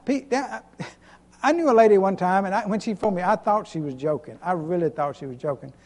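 A pastor preaching an emphatic sermon, repeating himself and chuckling between points. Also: male voice, high voice, a little mellow. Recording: long hall reverb.

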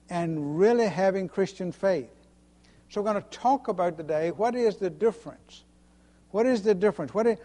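A man preaching a sermon with a high voice that rings through a large hall with a long echo. He speaks earnestly and repeats his key lines for emphasis. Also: darkish tone.

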